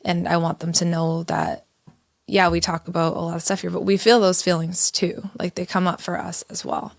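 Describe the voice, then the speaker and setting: A woman in her thirties co-hosting a podcast, telling a candid story in an animated way. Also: fairly low pitch, normal speed, vocal fry, no echo, clean studio sound. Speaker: podcast co-host. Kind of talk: casual conversational podcast.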